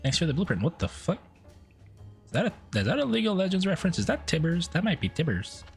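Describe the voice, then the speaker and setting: A man's voice: big pitch swings, quick pace, gravelly, faint music behind. A man streaming a game, giving playful, casual commentary that is full of swearing. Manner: playful, swears often, swings his pitch.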